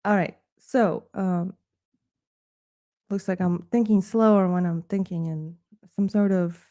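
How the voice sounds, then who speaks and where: A woman hosts a live art stream with a slow, unhurried delivery. She puts on a wannabe British accent, playfully snooty and self-mocking, and her tone stays soft and mellow. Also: lowish voice, steady tone. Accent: put-on wannabe British accent. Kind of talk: casual live-stream chat.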